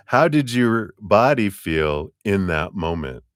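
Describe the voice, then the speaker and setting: A man's voice: fairly low pitch, no echo, clean studio sound. A man with a slight Southern US accent hosting a live tarot reading, chatty and rambling and often laughing. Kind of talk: casual live-stream reading.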